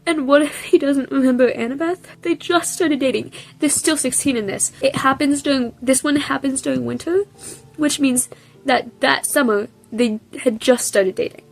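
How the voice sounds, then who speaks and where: A woman's voice: sits high, moderate pace, gravelly. A young woman vlogger reading a novel aloud, then reacting tearfully and emotionally.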